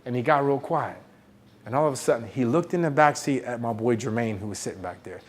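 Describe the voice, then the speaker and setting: A middle-aged man from the United States giving a motivational talk, telling a story in an animated way and acting out the dialogue. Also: medium pitch, fast talker. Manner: animated, acts out dialogue with big swings in volume. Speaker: motivational speaker.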